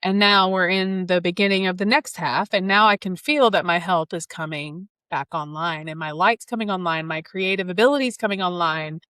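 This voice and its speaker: A woman's voice: on the low side, moderate pace, few pauses, a bit bright, clear, resonant tone, no echo. A woman in her thirties hosting an astrology reading, talking in an enthusiastic, flowing way with spiritual wording. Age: 30s. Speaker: astrologer and podcast host. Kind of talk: casual spiritual conversation.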